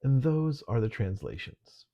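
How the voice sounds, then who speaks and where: A middle-aged man teaching an online literature lesson, relaxed and conversational, with frequent ums. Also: mid-range voice, measured pace, dull audio.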